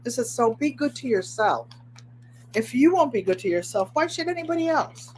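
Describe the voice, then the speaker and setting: A woman's voice: fairly high pitch, big pitch swings, normal speed, a little hiss or hum. A woman hosting a casual craft livestream from home, chatting and giving motivational advice straight to her viewers, often repeating phrases for emphasis. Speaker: host of a craft channel. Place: at home, indoors.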